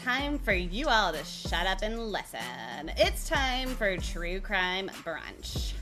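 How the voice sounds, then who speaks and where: A woman's voice: mid-range voice, sing-song, slow, few pauses, sharp tone, faint music behind. A woman co-hosting a comedy show, trading sassy, sarcastic scripted banter. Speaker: podcast co-host.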